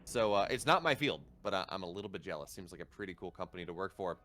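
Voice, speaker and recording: Lower-voiced chatty male esports caster. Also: lively intonation, fast talker, pushed and bright, faint music behind. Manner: chatty, enthusiastic, talks in long run-on stretches. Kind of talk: live game commentary.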